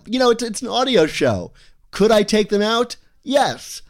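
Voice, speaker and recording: Man, podcast co-host, fairly high pitch, casual playful chat, slightly heavy S sounds. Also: big pitch swings, measured pace. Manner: playful, wordy, self-deprecating.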